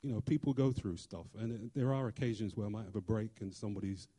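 A middle-aged man, sharing a personal faith testimony in an earnest, halting way with many fillers and restarts. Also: on the low side, warm tone, breathy edge. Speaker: church member sharing testimony.

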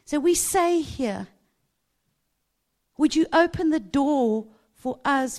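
A woman delivers a sermon through personal storytelling, speaking slowly and deliberately. Her voice sits a little high. She is animated and laughs often. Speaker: preacher.

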